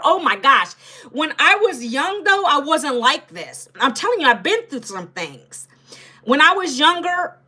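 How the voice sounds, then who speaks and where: High, bright-voiced woman in her fifties. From Northern Virginia. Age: 50s. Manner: chatty, talks straight to her viewers, repeats herself. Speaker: livestream host. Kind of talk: casual livestream chat.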